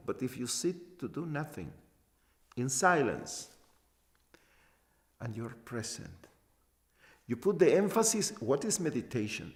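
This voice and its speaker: A man giving a spiritual talk as a teacher, halting and repeating short phrases for emphasis. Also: on the high side, very animated, vocal fry. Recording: long hall reverb.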